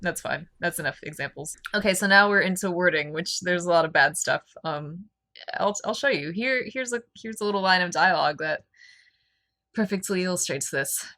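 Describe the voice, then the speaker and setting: A woman's voice: lowish voice, sharp tone. An American woman co-hosting a casual book podcast, cracking jokes as she picks apart the writing. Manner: joking, quick with wisecracks. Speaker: podcast co-host. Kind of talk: casual book-club chat.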